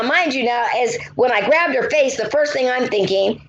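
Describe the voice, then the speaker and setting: A woman in her fifties tells a story on a radio show with a fairly high voice and lively delivery. She acts out the lines she and others said. The sound is dull and lo-fi. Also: normal speed, slight background noise. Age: 50s. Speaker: guest psychic medium. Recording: dull lo-fi audio.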